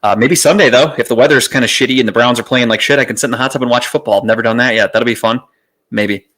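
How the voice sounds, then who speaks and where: A man hosting his own podcast in a casual, rambling way, swearing freely and filling pauses with "uh". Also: medium pitch, a bit bright. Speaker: podcast host. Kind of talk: casual solo podcast chat. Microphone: streaming setup mic.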